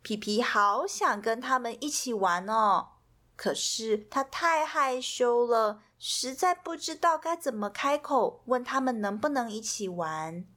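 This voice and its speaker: A woman reading a children's storybook aloud with an expressive, soothing delivery. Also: fairly high pitch, unhurried. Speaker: storybook reader.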